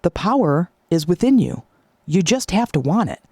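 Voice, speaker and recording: A woman voicing a calm, wise butterfly who reassures gently. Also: on the low side, normal speed, husky, no echo, studio quality, full character voice. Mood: encouraging.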